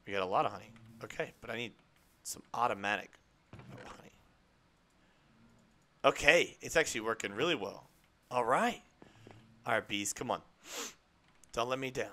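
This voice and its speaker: A young man streaming a game live, chatting in a rambling, excitable way to his viewers and to the creatures on screen. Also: mid-range voice, normal speed, long pauses. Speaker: gaming streamer. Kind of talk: live gameplay chat.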